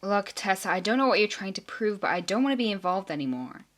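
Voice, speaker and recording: A woman's voice: mid-range voice, lively intonation, fast talker, a bit bright. A woman voicing several teenage girls in an amateur drama, talking in an emotional, earnest and sulky way. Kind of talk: amateur teen drama acting.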